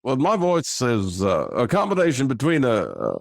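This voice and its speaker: A man doing an impression of a male president, speaking slowly with a creaky, halting cadence full of drawn-out pauses. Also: medium pitch, wildly swooping pitch, no room sound, clean studio sound, pitched above the performer's own voice. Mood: mock-presidential.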